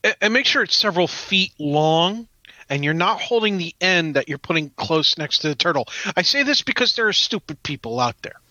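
A man's voice: fairly high pitch, animated, normal speed, bright, forceful tone, highs cut off. A man co-hosting a casual podcast panel chat, earnestly warning listeners. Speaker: podcast co-host.

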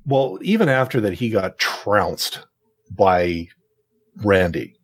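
A man co-hosts a podcast in a casual chat, telling a long, meandering story full of restarts. His voice is slightly husky and mid-pitched, and the recording is dry and close, with no room sound. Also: animated, slow, dry recording. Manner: rambling storyteller, many fillers and restarts. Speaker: podcast co-host.

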